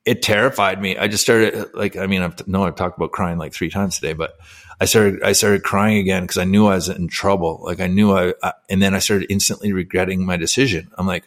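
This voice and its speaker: In a low, steady voice and at a brisk pace, a man in his forties tells his personal story as an interview guest. Once an athlete and now a coach, he speaks candidly and emotionally, with plenty of fillers.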